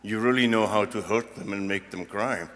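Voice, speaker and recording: A man's voice: on the low side, moderate pace, a bit bright, slight background noise. A man, a university regent, giving a rambling, joking commencement speech from a podium. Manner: joking, rambling and self-deprecating. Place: large ceremony hall. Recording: long hall reverb.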